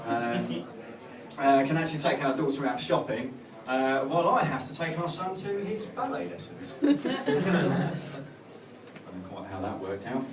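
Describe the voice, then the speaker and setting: On a comedy club stage, a man with a medium-pitched voice and wide swings in pitch works through a stand-up set at a measured pace. His delivery rambles and hesitates, full of fillers and restarts. The room sounds big and distant, with a loud crowd laughing.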